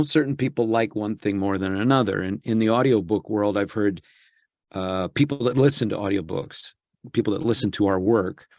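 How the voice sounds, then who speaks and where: A man's voice: on the low side, a little mellow, dry recording, studio quality. A man being interviewed as a voice actor, talking in a reflective way and thinking aloud with frequent restarts. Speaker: guest, voice actor. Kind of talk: casual interview chat.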